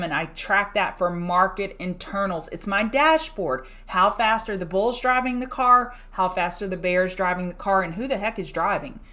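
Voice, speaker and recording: Brisk Southern country woman trading host. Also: mid-range voice, fairly bright tone. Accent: Southern US country accent. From rural US. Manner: brisk, chatty, addresses viewers as y'all. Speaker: stock market show host. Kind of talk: fast pre-market trading rundown.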